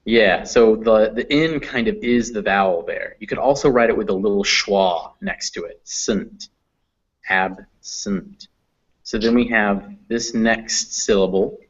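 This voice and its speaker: Guy running an online pronunciation class, slow careful modelling of sounds, kinda muffled stream audio. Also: on the low side, slightly rough. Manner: patient, encouraging, models sounds slowly. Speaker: pronunciation teacher. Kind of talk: live online pronunciation lesson.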